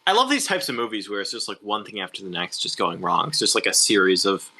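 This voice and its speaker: Lively young man, lots of ums. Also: fairly low pitch, quick pace, rough recording. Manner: rambling, filler-heavy, laughs often. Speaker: podcast co-host. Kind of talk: casual chat.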